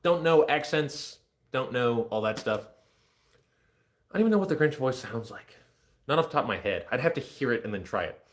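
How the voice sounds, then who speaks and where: A man in his thirties rambles through a casual livestream chat, cracking jokes at his own expense. His pitch jumps around lively as he talks, and his attention drifts from one thing to the next. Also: a little fast, long pauses. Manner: joking, self-deprecating, easily distracted.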